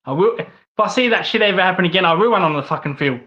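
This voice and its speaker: A man's voice: sits high, animated, quick pace, highs cut off. A man with an Australian accent hosting his own channel, ranting angrily with lots of swearing and repeated phrases. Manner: profane, repetitive ranting. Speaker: host. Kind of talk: angry rant vlog.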